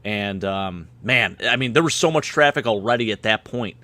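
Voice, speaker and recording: A man, slightly hoarse and a bit tipsy, rambling excitedly about his game day. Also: fairly low pitch, moderate pace. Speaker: guest fan panelist. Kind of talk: casual chat.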